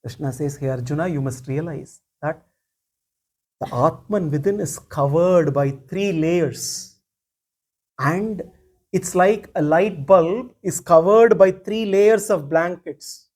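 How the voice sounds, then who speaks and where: A man giving a spiritual discourse as a teacher, speaking deliberately, repeating key phrases and reciting verses. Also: fairly high pitch, a little mellow.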